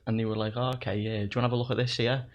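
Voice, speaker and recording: A man's voice: medium pitch, little pitch movement, racing, muffled recording, crowd noise. A young man, telling stories in casual chat, swearing and laughing along with himself. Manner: swearing, laughing through his own stories. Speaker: podcast guest.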